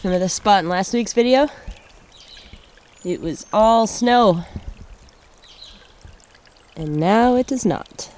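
A woman's voice: medium pitch, lively intonation, slow, long pauses, darkish tone. Woman, groggy morning voice, chatty, filler-heavy, outdoors in the woods, faint noise. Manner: chatty, rambling, with many fillers. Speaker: bushcraft vlogger. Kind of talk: casual outdoor vlog.

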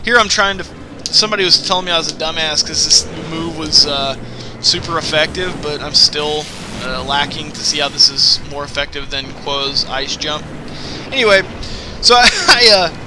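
A man's voice: on the high side, moderate pace, heavy background noise. A man in his twenties doing casual after-the-fact game commentary, rambling and swearing as he tells stories. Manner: rambling, profane storytelling. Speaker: gameplay commentator. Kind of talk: casual let's-play commentary, recorded after play.

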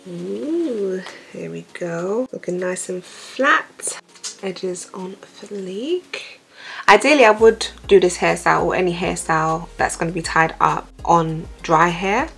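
A woman's voice: on the low side, unhurried, vocal fry, faint music behind. A young woman chatting casually through a hair tutorial, talking into a phone at home. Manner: relaxed, chatty, step-by-step. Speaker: hair vlogger.

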